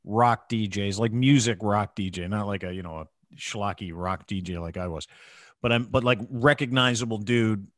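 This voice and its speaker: A man's voice: moderate pace, a bit bright, dry recording. Man, podcast host, casual profane storytelling, dry close sound. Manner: profane storytelling, drops into a low breathy impression.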